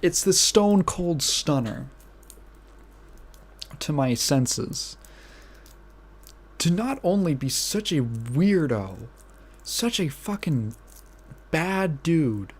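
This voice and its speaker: Slow-talking, outraged podcast host. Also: mid-range voice, animated, breathy edge. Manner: outraged, incredulous and profane, repeating phrases, with bursts of laughter. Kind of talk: casual podcast rant.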